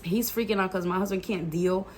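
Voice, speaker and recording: A woman's voice: mid-range voice, fairly quick, slight background noise. A woman telling a personal faith testimony in a casual vlog, earnest and emotional, with many "like" fillers and the odd Spanish phrase. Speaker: YouTuber sharing a faith testimony.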